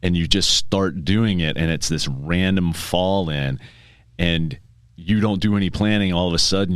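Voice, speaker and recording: A man, a tax preparer guest on a podcast, chatting casually and telling stories, briefly acting out his clients in quick bits of dialogue. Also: low voice, dry recording, clean studio sound.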